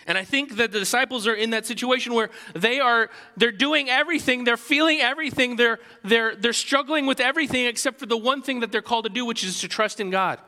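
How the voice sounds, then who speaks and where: A man preaching a sermon as pastor, animated and conversational, with many restarts. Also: extremely high pitch, fast, hardly any pauses, big-room sound.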